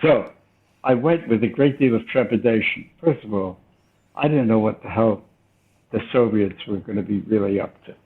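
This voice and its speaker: Older male interview guest, gravelly voice, thoughtful and halting, heard over a thin phone-like line. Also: fairly low pitch. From United States. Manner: thoughtful, hesitant, with restarts. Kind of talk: reflective storytelling. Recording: tinny phone-line sound.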